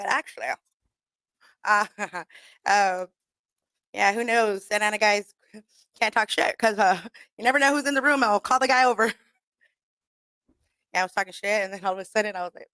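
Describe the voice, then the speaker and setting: A young woman rambles through stories on her radio show, laughing often and cursing freely as she acts out what people said. Her pitch sits in an ordinary middle range. The sound is close and dry, with no room behind it. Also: sharp tone, dry recording. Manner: laughing often, swearing, storytelling with quoted asides. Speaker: radio show host and comedian. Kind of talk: casual rambling monologue. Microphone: studio microphone.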